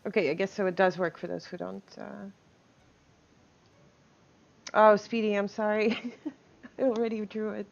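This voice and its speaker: A woman's voice: medium pitch, flat delivery, a little slow, vocal fry, pauses often, highs cut off. A woman streaming live, chatting casually with viewers, reading chat aloud and laughing often.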